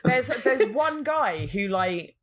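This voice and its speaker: A woman's voice: fairly high pitch, very animated, takes it slowly. Sweary, joking woman podcast host. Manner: blunt, sweary and jokey. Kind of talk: casual film-review chat.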